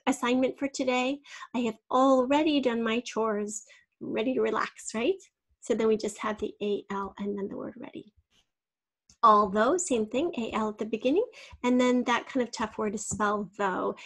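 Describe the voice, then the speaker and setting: A woman with a fairly high, breathy voice teaches a spelling lesson. She sounds words out syllable by syllable with patient care. Now and then she drops to a soft near whisper for a quick aside.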